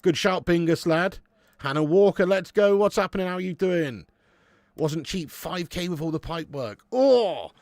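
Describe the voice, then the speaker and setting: His voice sits high, he talks at a normal speed, and the studio-quality sound has no echo. The late-thirties man hosts a live football watch-along, chatting loosely with viewers, swearing, and calling them "mate" and "lad".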